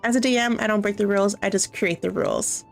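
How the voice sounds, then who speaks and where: A woman's voice: medium pitch, quick pace, creaky, faint music behind. A young woman from Canada chatting cheerfully on a live stream, laughing often as she talks with her viewers. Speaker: streamer and game host. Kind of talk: casual live-stream chat.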